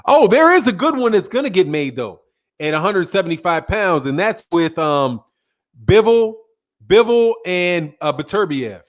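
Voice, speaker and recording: A man's voice: high voice, very animated, moderate pace. A middle-aged man hosting a boxing channel, chatting casually and a little tiredly, rambling with slang and self-corrections as he reads viewer comments. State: tired, yawning. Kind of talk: casual livestream chat reading viewer comments.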